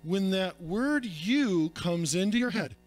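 High-voiced preaching pastor. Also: male voice, moderate pace, faint music behind. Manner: earnest, direct, preaching to the congregation. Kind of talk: sermon.

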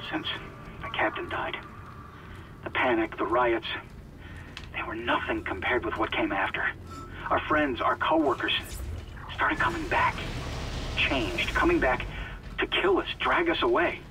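A man voicing a worn-down engineer dictating a steady, grim audio log over a clear bed of static hiss. It plays as game dialogue with a serious, controlled delivery. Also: mid-range voice, moderate pace, long pauses, close to an everyday voice. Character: weary male ship engineer recording a log.

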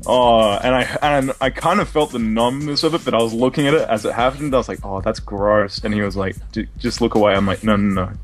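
A man's voice: medium pitch, fairly even intonation, fairly quick, hardly any pauses, faint music behind. Sweary Australian man telling a story. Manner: sweary, laughing anecdote-telling. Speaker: podcast co-host. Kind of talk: casual storytelling chat.

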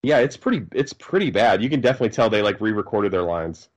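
A man's voice: fairly low pitch, fast. Guy riffing on a movie with his buddy, voice jumps all over, playful. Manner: playful, animated joking. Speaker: co-host of a movie riff commentary.

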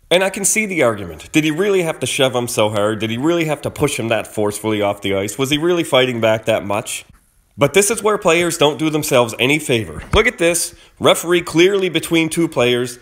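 Male commentator, fairly high voice, emphatic and opinionated breakdown of game footage. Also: expressive, a little fast, a bit bright. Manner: emphatic, argumentative, acts out quotes. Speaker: hockey commentator.

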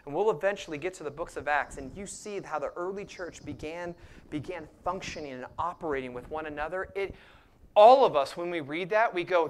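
A man preaching a sermon as pastor, dropping to hushed near-whispers and rising to loud emphatic passages, acting out the prayers and lines he quotes. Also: on the high side, fairly quick. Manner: acts out quoted voices and prayers.

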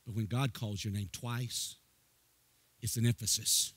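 A male pastor preaching a sermon. He asks the congregation questions and builds into a chanting, sing-song cadence with near-shouted emphasis. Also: lowish voice, steady tone, a little slow, husky, no room sound.

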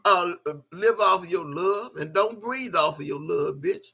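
A woman's voice: lowish voice, measured pace, sharp tone, slightly rough. An older woman in a casual vlog rant, profane and mocking, breaking into laughter often. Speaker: vlogger.

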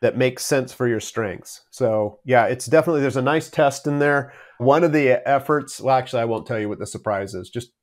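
A man's voice: mid-range voice, fairly quick, hardly any pauses. A man who is an entrepreneur guest on an interview podcast, telling stories casually and chuckling often.

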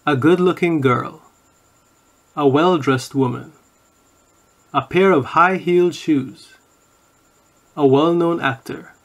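A man reading course audio, saying each word and then an example sentence in a slow scripted vocabulary reading. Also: a little high.

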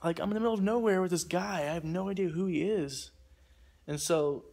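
Young guy, slightly high voice, rambling phone vlog outdoors. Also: brisk, vocal fry, a little mellow. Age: young adult. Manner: rambling, heavy use of "like". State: shivering in the cold. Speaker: vlogger. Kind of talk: casual storytelling.

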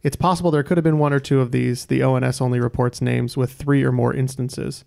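A man hosting a podcast quiz, reading trivia questions in a measured way with dry asides. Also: medium pitch, steady tone, vocal fry, a little mellow. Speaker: quiz host.

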